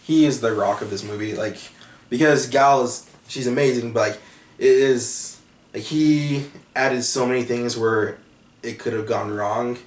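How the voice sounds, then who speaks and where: A man's voice: medium pitch, measured pace, roomy sound, distant mic. A man co-hosting a casual movie chat, earnest and rambling, restarting his thoughts as he goes. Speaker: podcast co-host.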